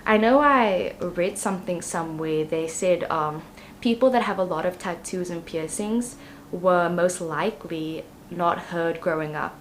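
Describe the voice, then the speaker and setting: A woman's voice: lowish voice, a little slow, slight background noise. Chatty young woman reading tarot. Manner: chatty and rambling, many ums and you-knows. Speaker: tarot reader. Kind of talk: casual tarot reading to camera.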